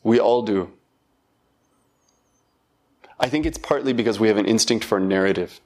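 A middle-aged man giving a reflective talk, thoughtful and halting, with self-deprecating laughs. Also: fairly low pitch, darkish tone. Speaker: dharma talk speaker.

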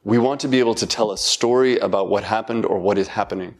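Thoughtful middle-aged man giving a reflective talk. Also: lowish voice. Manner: thoughtful, halting, with self-deprecating laughs. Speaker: dharma talk speaker.

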